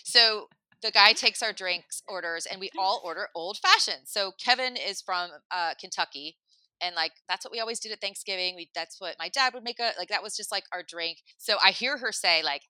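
A woman in her thirties telling a long story in casual chat, full of "like" and animated asides. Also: on the low side, fairly quick, clear, resonant tone, no echo. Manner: chatty, lots of "like", animated asides. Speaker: podcast host telling a story.

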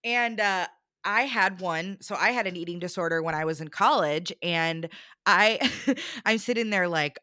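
A woman's voice: lowish voice, moderate pace, bright, forceful tone, no echo, clean studio sound. A young adult woman animatedly recounting a bad date in casual chat, acting out the quotes with lots of fillers.

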